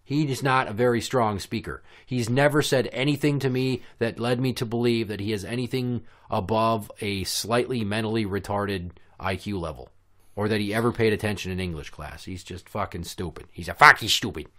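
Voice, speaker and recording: A man's voice: fairly low pitch, normal speed. Profane sarcastic man ranting. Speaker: podcast host. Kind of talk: casual ranting storytelling.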